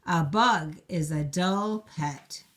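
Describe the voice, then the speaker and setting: A woman voicing a fussy young princess in a children's storybook, with loud, emphatic refusals. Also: fairly low pitch, takes it slowly. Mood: refusing.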